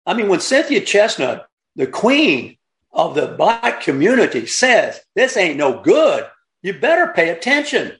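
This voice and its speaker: Animated man, emphatic in a roomy space. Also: high voice, unhurried. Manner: emphatic, digressive, lecturing, repeats for effect. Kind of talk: impassioned commentary. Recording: roomy echo.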